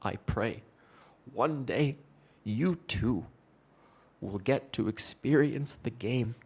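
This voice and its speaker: A man's voice: mid-range voice, slow pace, breathy edge. A man voicing a grave, loving father in a solemn, mock-sentimental tone.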